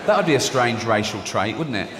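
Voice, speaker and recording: Sardonic stand-up comic. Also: male voice, medium pitch, sing-song, brisk. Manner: sardonic, mock-indignant, acts out voices. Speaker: stand-up comedian. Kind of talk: stand-up comedy routine. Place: large performance hall. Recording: live hall reverb with audience noise.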